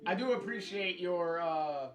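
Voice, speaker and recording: A game streamer talking through a let's play at a slow, rambling pace, with many fillers and restarts. The voice sits in an echoey room. Clear guitar music plays behind. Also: mid-range voice. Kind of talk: let's play commentary, reading game text aloud. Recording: roomy sound with guitar music.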